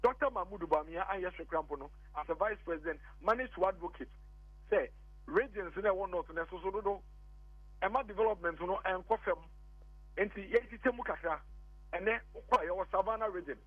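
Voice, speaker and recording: High-voiced Ghanaian man on a tinny phone line. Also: fairly quick, dry recording. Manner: insistent, repeats points, mixes English and Twi. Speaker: political guest on a radio show. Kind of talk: heated political argument on a phone-in.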